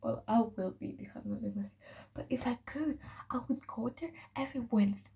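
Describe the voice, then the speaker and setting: A woman's voice: a little high, fairly quick, gravelly, mellow, low-quality recording. A teenage girl from France with a slight French accent, chatting casually and rambling while doing her night skincare, often slipping into a whisper. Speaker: vlogger. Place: home bathroom.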